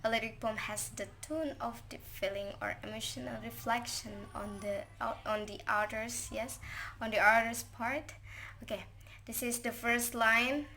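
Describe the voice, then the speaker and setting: A young woman student, whose first language is Indonesian, presents a poem analysis for an assignment in a slightly high, steady voice that sounds pushed and bright, at normal speed. She speaks hesitantly, with many fillers and restarts, in an informal recording with faint background noise.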